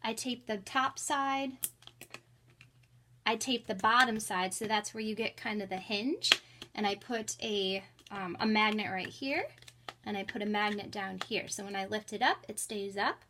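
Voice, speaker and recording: A woman's voice: medium pitch, measured pace, noisy background. A young woman who teaches English online gives a cheerful, chatty tour of her small home classroom, talking into a headset. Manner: cheerful and chatty, bursts into squealing acted-out reactions. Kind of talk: casual classroom tour vlog.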